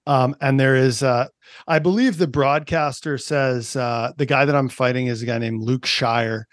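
A man's voice: medium pitch, steady tone, moderate pace, dry recording, studio quality. A man from Canada in his thirties, a performance coach chatting on a podcast, explaining ideas with lots of "like" and "right?". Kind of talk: casual podcast interview.

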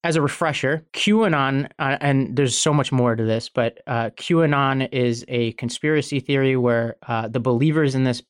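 A man hosting a political podcast, explaining news in a measured, conversational way. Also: medium pitch, smooth, no echo, clean studio sound. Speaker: podcast host.

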